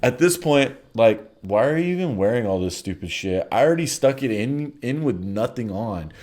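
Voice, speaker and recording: A man's voice: medium pitch, lively intonation, moderate pace, a little mellow. A man telling a crude comedic story in a blunt, offhand way, with bored asides.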